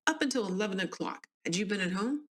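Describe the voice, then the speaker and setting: A woman's voice: mid-range voice, lively intonation, fast talker, close to an everyday voice. A woman with a Southern US accent reading the questions of a male inquest official, in a plain reading voice. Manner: plain questioning read from transcript.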